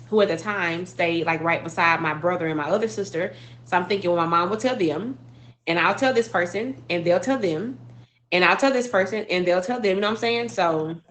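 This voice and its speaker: Woman, lowish voice, personal grief story, halting delivery with restarts. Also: a bit bright. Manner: halting, emotional, many restarts and fillers. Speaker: widow telling her story.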